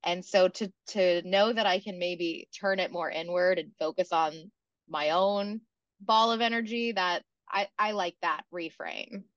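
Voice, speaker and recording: A woman's voice: on the low side, unhurried, no echo. A woman comedian guest on a podcast, chatting casually in a self-mocking, laughing way. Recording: dull dry audio.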